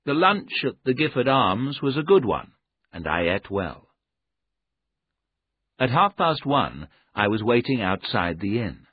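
A man reading a story aloud in a measured, deliberate narration. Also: mid-range voice, very animated, husky. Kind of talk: scripted audiobook narration. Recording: narrow phone-like audio.

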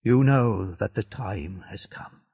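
A man voicing a gentle, dying old male prisoner who speaks weakly and tenderly. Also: lowish voice, slow, creaky, slightly rough, no room sound, full character voice. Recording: dull lo-fi dry recording.

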